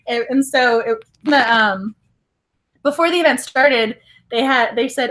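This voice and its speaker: A high-pitched woman talks casually to her vlog audience. She is giggly and excitable and laughs often. She rambles and corrects herself mid-sentence as she tells a story. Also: measured pace. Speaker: book vlogger. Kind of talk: casual chat.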